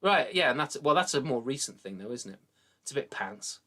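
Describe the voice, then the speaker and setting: Brief: English-born male chat host, animated delivery, sharp bright tone, laughs a lot. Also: mid-range voice, fairly quick. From England. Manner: chatty, laughs often. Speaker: storytelling show host. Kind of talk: casual chat.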